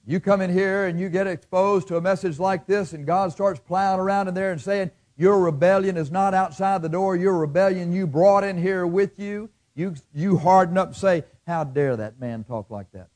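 A middle-aged man preaching a sermon, swinging between loud bursts and hushed asides and acting out the voices of his listeners. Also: high-pitched, fairly even intonation, normal speed, hardly any pauses. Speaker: pastor.

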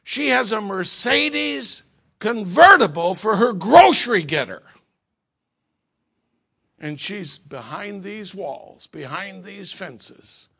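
A middle-aged man preaching a sermon, telling stories and swinging from hushed asides to shouted peaks. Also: high voice, expressive, slow, gravelly, husky.

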